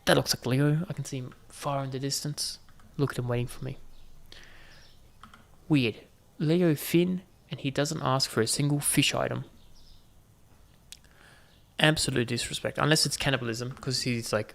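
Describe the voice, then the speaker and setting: A man's voice: mid-range voice, moderate pace, vocal fry, long pauses, fairly bright tone. A man hosting a gaming video, giving casual running commentary with joking asides to viewers. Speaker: gaming channel host.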